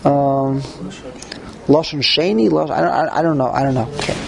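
A man's voice: fairly high pitch, normal speed, vocal fry, poor audio. A man teaching a text-study class, reading passages aloud and translating them as he thinks aloud. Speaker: Torah teacher.

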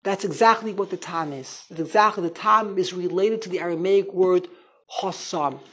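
A man teaching a rambling, animated Torah class on the Haggadah, full of Hebrew and Yiddish terms. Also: high voice, moderate pace, breathy edge, low-quality recording.

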